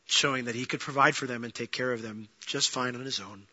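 A man preaching a sermon, telling a story with lively acted-out lines, swinging from loud and fast to quiet and low. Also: breathy edge, dull audio. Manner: animated storytelling, acting out quoted lines, rising to near-shouting then dropping low. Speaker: pastor.

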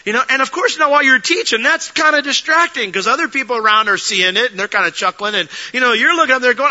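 A man pastor delivering a sermon, telling stories with lively energy and dropping to soft earnest tones. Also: very high-pitched, fast, few pauses, highs cut off. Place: church sanctuary.

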